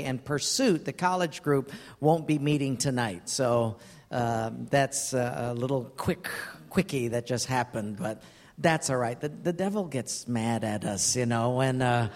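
A man, the senior pastor, giving church announcements and introducing a guest speaker in a folksy way, with restarts. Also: mid-range voice. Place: large church sanctuary. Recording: reverberant hall.

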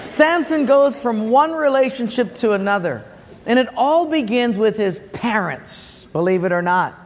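A high-voiced male pastor, preaching a humorous sermon full of jokes. His voice carries a long hall reverb, as in a church sanctuary. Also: moderate pace, crowd noise, noisy background. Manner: joke-telling, chuckling, animated.

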